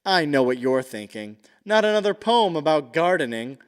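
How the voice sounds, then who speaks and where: A man's voice: a little high, big pitch swings, normal speed, smooth, long reverb tail, soft background music. A man introducing the next act on a comedy show in a playful, theatrical way. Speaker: show announcer.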